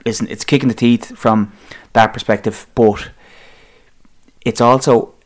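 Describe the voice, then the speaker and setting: A man's voice: mid-range voice, steady tone, measured pace. An Irish man in casual chat about football, wry and rambling, with plenty of fillers. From Ireland.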